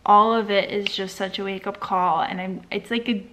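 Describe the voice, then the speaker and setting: A woman's voice: medium pitch, steady tone, normal speed, a bit bright, slight background noise. A young adult woman talking in a casual personal vlog, candid and reflective, with lots of "like" fillers. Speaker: vlogger and startup founder.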